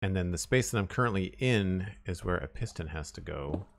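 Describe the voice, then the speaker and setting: Low-voiced man mumbling through gameplay. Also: lively intonation, fairly quick, vocal fry, a little hiss or hum. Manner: thinks aloud, mumbles, trails off with "uh". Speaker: streamer building in a survival game. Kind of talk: casual gameplay commentary.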